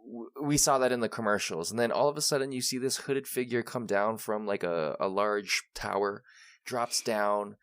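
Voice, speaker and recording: Man, podcast co-host, low voice, dry sound, excited profane retelling. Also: normal speed, clear, resonant tone, dry recording. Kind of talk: casual movie discussion.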